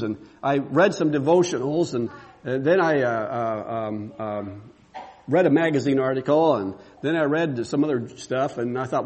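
A man pastor preaching a sermon, repeating emphatic rhetorical questions. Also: on the high side.

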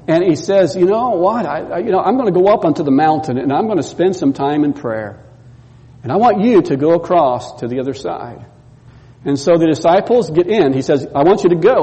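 A man preaching a sermon, telling a story with lively repetition and acting out the voices in it. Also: sits high, long reverb tail, poor audio. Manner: storytelling, acts out quoted voices, repeats words. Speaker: pastor.

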